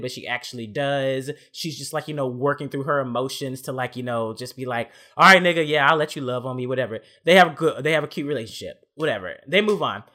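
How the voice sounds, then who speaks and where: Animated bright-voiced man retelling a story. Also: medium pitch. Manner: animated storytelling, acts out characters' lines, profane slang. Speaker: podcast co-host recapping an anime. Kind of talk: casual chat.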